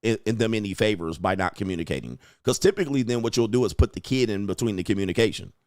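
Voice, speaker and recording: A man's voice: lowish voice, fast talker, darkish tone, dry recording, studio quality. A man hosting a livestream commentary show, talking bluntly and emphatically and repeating his points for weight. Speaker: host.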